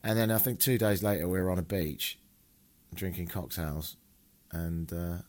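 A man's voice: moderate pace, a little mellow. A man from England hosting a travel podcast, talking casually and cheerfully swearing as he rambles. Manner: chatty and swearing, with big swings in pitch.

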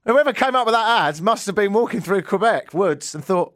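Male radio host, English accent, slightly higher voice, self-deprecating and comic, dry studio mic. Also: animated, a little fast, fairly bright tone, no echo. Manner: jokey, self-mocking storyteller. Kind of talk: casual rambling radio monologue.

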